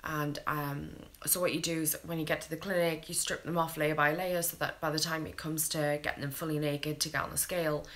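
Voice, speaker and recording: A British woman with a low, deep-set voice talks straight to camera like a tired young mother. She is frank and unfiltered and swears freely as she tells her story in a casual vlog. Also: level tone, a little fast, hardly any pauses, fairly bright tone. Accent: British English. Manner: blunt, candid, swears freely.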